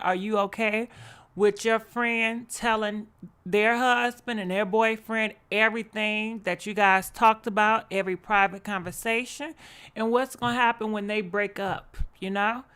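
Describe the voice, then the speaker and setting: A woman hosts a gossip commentary with a blunt, sassy edge. She keeps turning to her viewers to ask what they think. Her voice is bright and forceful. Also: medium pitch, clean tone. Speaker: commentary host.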